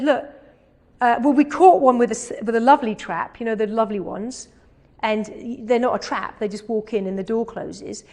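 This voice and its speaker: A woman from England telling an animated anecdote in a talk, dropping to slow, hushed asides when quoting. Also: on the high side. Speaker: animal communicator giving a talk.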